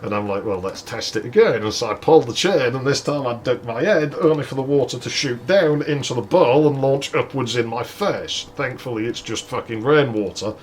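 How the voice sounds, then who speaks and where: A man's voice: mid-range voice, brisk, hardly any pauses, slight background noise. A man hosting a let's play, telling a story casually with lots of swearing and laughter. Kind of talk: casual gameplay commentary and storytelling.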